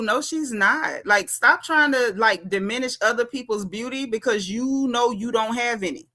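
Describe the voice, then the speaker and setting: A woman's voice: a little high, moderate pace, few pauses, bright, forceful tone. A woman doing casual reality TV commentary for her viewers, sassy and emphatic, repeating her punchlines for effect. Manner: talks straight to viewers as y'all.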